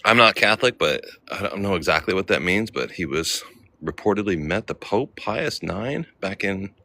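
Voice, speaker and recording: Low-voiced man vlogging outdoors. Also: lively intonation, moderate pace, pushed and bright. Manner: chatty, reads names aloud, greets viewers. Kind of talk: casual livestream walk-and-talk. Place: outdoor cemetery.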